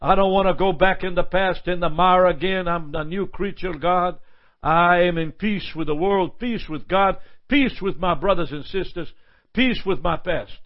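A man's voice: high voice, moderate pace, dull audio. A male pastor preaching a sermon with impassioned repetitions and prayerful asides.

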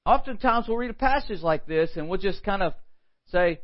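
A man preaching a morning sermon, animated, with quoted asides and frequent rhetorical questions. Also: high-pitched, normal speed, muffled recording. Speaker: pastor.

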